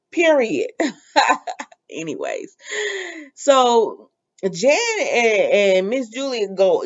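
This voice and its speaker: A woman's voice: on the low side, lo-fi sound. A woman hosting a casual soap opera recap, chatty and opinionated, with lots of fillers.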